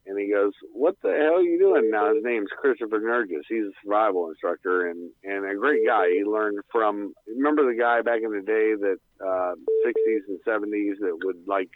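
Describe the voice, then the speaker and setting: A man's voice: lowish voice, normal speed, few pauses, no room sound. A man calling into a radio show, rambling bluntly with lots of fillers and the odd swear word. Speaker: guest on call-in show. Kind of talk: casual rambling radio talk. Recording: tinny phone line.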